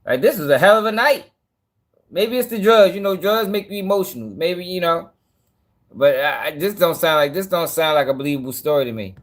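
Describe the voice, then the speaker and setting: High-pitched man, skeptical co-host. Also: lively intonation, a little fast. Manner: skeptical, emphatic. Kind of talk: casual commentary.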